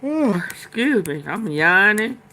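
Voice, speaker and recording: A woman's voice: medium pitch, big pitch swings, slow pace, sharp tone. A woman hosting a casual commentary show, talking back at clips in a drawling, repetitive way. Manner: drawling, talks back at clips, repeats herself.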